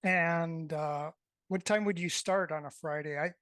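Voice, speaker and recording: A man's voice: fairly high pitch, steady tone, unhurried, a bit bright, dry recording. A married man, a tabletop game player, chatting in an easygoing way about dates. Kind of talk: casual scheduling chat.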